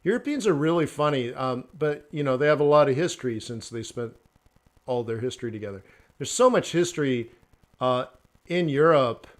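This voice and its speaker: A man's voice: mid-range voice, animated, moderate pace. A man hosting a trading livestream, rambling through joking anecdotes in a casual way. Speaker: forex livestream host.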